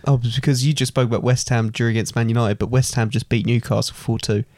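A man's voice: medium pitch, fairly even intonation, fast talker, darkish tone, no room sound. A young man co-hosting a podcast, dropping teasing jokes with his dad. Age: young adult. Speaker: podcast co-host, son. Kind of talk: casual chat.

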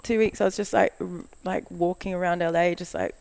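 A woman's voice: fairly low pitch, a little fast, creaky. A woman, a guest who works as a model, telling a long story in casual chat, acting out what people said and saying "like" a lot. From Australia. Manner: animated storytelling, acts out quoted lines, frequent "like".

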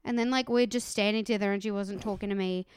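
A woman chatting casually as a podcast co-host, telling anecdotes with lively, indignant retellings. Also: mid-range voice, fast talker, smooth, no room sound, clean studio sound. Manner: animated storytelling, voices her own anger loudly. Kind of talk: casual chat.

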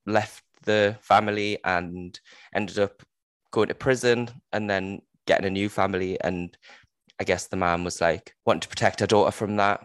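A man in casual book chat, animated and sweary, acting out quotes. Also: fairly low pitch, normal speed, smooth, no echo.

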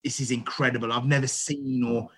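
A middle-aged man, a chef, telling stories in a casual interview, animated and full of restarts. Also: mid-range voice, fairly quick, slightly rough. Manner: animated, acts out quoted dialogue, frequent restarts. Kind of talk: casual storytelling.

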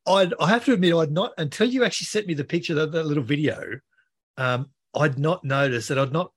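A man with a fairly high, husky voice co-hosts a rugby podcast. He talks in an easygoing, self-deprecating way and readily agrees with the others. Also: fairly quick. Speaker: podcast co-host, rugby expert. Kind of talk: casual podcast chat.

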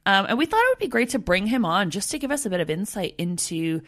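Bright-voiced chatty woman podcast host. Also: mid-range voice, sing-song, fast. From Canada. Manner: chatty, laughs often. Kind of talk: casual chat.

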